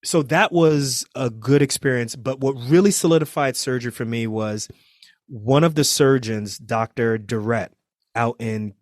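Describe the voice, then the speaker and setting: A man's voice: mid-range voice, measured pace, no room sound, clean studio sound. A man from New Jersey, a trauma surgeon, telling his story as a podcast guest and acting out what people said. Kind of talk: storytelling interview.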